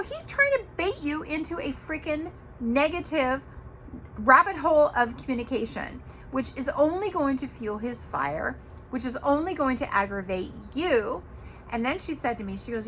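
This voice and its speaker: A woman hosts her own show and talks straight to her viewers in a casual, emphatic way. She hands out tough-love advice and lets a cuss word slip now and then. Her voice sits a little high and very bright, with a faint hiss of noise behind it. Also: very animated, moderate pace. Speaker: podcast host.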